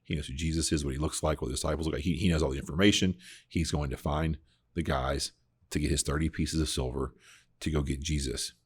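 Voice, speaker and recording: A man's voice: extremely low pitch, fairly even intonation, fast talker, slightly rough. A man hosting a casual Bible discussion podcast, talking earnestly and reflectively, often restarting his sentences. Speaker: podcast host.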